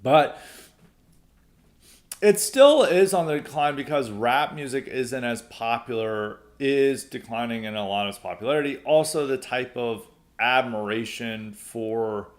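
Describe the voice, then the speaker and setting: A young adult man hosts a podcast, answering listener mail in a rambling, casual way full of fillers and restarts. His voice is medium-pitched and a little slow.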